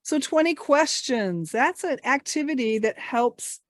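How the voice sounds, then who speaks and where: A woman's voice: high-pitched, animated, unhurried, dry recording, clean studio sound. A woman teaching English over a video call, playfully leading a guessing game. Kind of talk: online teaching session. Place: home office.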